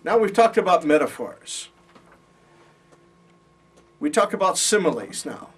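A man's voice: fairly high pitch, very animated, a little slow, breathy edge. A man teaching a Bible college class, explaining patiently and checking in with his students, recorded in a classroom from a distance. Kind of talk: classroom lecture. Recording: voice from far off.

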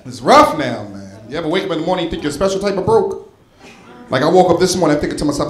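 A man's voice: on the high side, lively intonation, fast. A man from North Philadelphia doing a live stand-up routine on a club stage, talking straight to the crowd in a punchy, conversational way. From North Philadelphia, USA. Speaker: stand-up comedian. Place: comedy club stage before a live audience. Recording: roomy live club recording with crowd laughter. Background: audience laughing.

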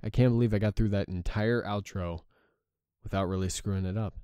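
A man's voice: on the low side, fairly even intonation, brisk, mellow, clean tone, dry recording. A tired young man commentating his own gameplay, swearing freely and grumbling in frustration. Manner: swears often, frustrated at the game. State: exhausted. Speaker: gaming channel host. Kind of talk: let's play commentary.

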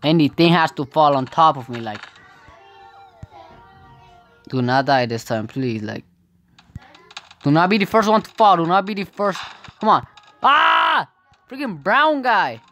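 A woman's voice: deep voice, animated, a little slow, long pauses, a bit bright, soft background music. A woman giving casual gameplay commentary, often exclaiming in frustration and laughing at the game. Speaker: gaming video creator.

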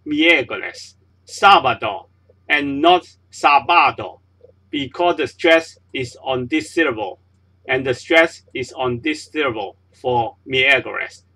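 Man, slow teacher, fairly high voice, repeats words one at a time. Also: a bit bright, poor audio. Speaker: language teacher. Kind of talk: slow step-by-step language lesson.

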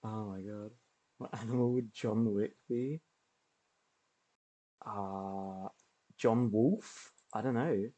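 A man's voice: on the low side, slow pace, pauses often, warm tone. A man streaming a video game, chatting casually and laughing often as he plays. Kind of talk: casual gameplay commentary.

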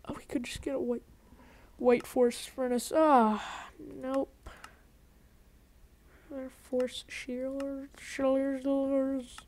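A woman talks through her game on a headset in a somewhat high voice. She rambles, grumbles and keeps cutting herself off mid-sentence, in the loose manner of a casual let's-play. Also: flat delivery, drawn-out words, pauses often, a little mellow. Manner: rambling, self-interrupting, grumbling. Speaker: gaming video host.

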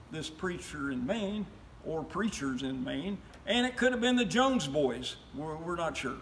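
A high-pitched man recites a comic story poem in a steady, rhythmic cadence. He builds to loud cries at the high points, with a faint hiss behind him. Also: rough recording. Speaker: guest.

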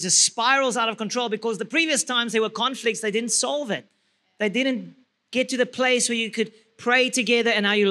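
South African man speaking at a church marriage seminar, very high bright voice, lively and laughing. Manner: lively, laughs through his story. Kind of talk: storytelling church talk.

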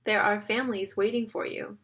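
Mocking smooth-talking bad guy, woman reading him in an audiobook, sly and coaxing. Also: mid-range voice, steady tone, a little fast, a bit bright, lightly acted. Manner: mocking, wheedling. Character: sly sarcastic middle-aged man, smooth-talking villain.

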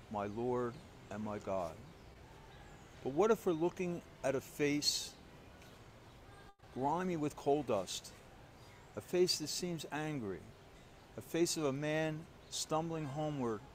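A man's voice: on the high side, lively intonation, a little slow, a little hiss or hum. Man giving a conversational homily. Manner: self-deprecating storyteller, conversational with frequent restarts. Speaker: priest. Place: church.

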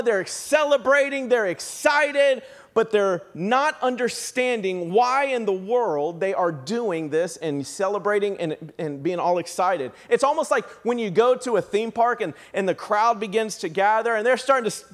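A male pastor preaching a sermon, animated, acting out the shouting crowd as he tells it. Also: very high-pitched, moderate pace. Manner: animated, acts out excited crowd voices.

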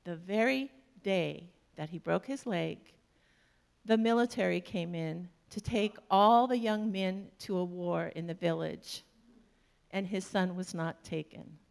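Casting: woman minister, sermon delivery, slow and gravelly, storytelling with humor. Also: lowish voice. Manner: storytelling, warm-humored, laughs often.

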